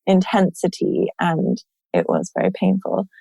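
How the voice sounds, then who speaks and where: A woman with a lowish voice tells her own story in a candid, lively way, often stopping on "like" between phrases. The sound is dry and close, with no echo from the room. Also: a little slow, creaky. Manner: candid, animated retelling, many "like" fillers. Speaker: guest sharing her birth story. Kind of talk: personal storytelling in a conversation.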